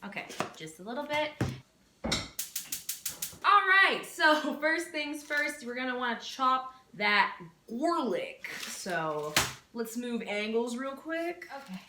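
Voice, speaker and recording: A woman's voice: high voice, sing-song, slow, reverberant, noisy background. A woman, chatting playfully in a casual cooking vlog, with dramatic bursts of mock panic. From Texas. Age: 20s. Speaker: vlogger. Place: home kitchen.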